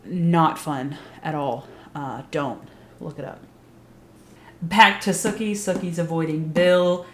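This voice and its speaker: A woman's voice: sits low, slow. A young adult woman recapping a TV series in casual, blunt, emphatic talk, swearing freely. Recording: roomy echo.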